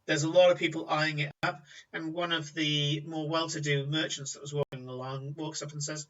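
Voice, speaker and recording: Male game master, vivid scene-setter, bright, slightly high voice, distant muffled mic. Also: flat delivery, normal speed. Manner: vivid descriptive storytelling. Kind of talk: narrating a tabletop game.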